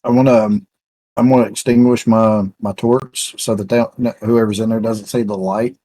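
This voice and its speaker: A man's voice: on the low side, steady tone, moderate pace, mellow, rough recording. A man playing a tabletop game, answering in character in a casual, bemused way. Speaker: player.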